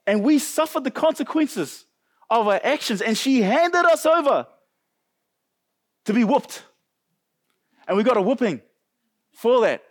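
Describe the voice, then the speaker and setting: A man with a New Zealand accent preaching a sermon as pastor, animated and jokey, talking straight to his congregation. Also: sits high, husky. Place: church service.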